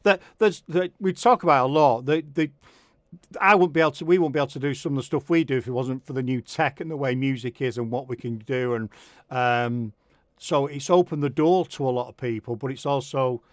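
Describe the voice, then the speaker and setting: A man's voice: a little fast, no room sound, clean studio sound. A middle-aged man with a Manchester accent, hosting a radio show interview with cheeky jokes and lots of laughter. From Northwest England. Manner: jokey, cheeky, laughs a lot, big pitch jumps. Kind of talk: casual interview chat.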